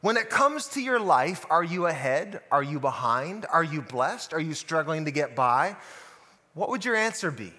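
A pastor delivers his sermon in a high, bright voice. He tells stories and keeps putting rhetorical questions to his listeners, and a long reverb trails behind every phrase. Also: very animated, normal speed. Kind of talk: sermon podcast.

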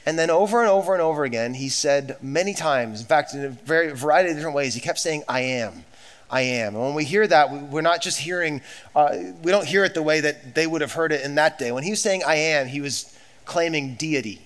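A man's voice: a little high, quick pace, a bit bright. A man preaching a sermon as pastor, emphatic and repetitive, with conversational asides to the congregation.

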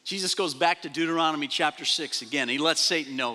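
Guy pastor preaching, bit high voice, acts out the quotes, long echo in a big church hall. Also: fast talker. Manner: animated preaching, repeats phrases, acts out quoted speech. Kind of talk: sermon. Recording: long reverb of a large hall.

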